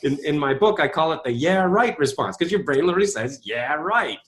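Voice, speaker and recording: Lively high-pitched man telling a story. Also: brisk. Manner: emphatic, often asks rhetorical questions. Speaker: interview guest, author and speaker. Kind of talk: animated storytelling.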